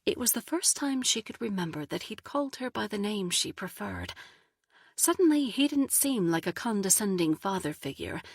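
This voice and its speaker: A woman reading an audiobook in a soft, slow narration, lightly voicing each character. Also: mid-range voice, animated, gravelly, slightly rough, no room sound, clean studio sound. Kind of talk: scripted narration.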